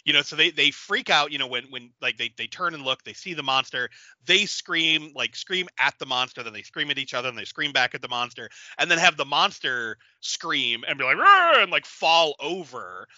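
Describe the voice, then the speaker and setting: A man co-hosting a podcast, chatting casually and animatedly, laughing often and acting out bits as he pitches a story. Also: moderate pace, sharp tone, dry recording, lo-fi sound. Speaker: podcast co-host. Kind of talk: casual brainstorming chat.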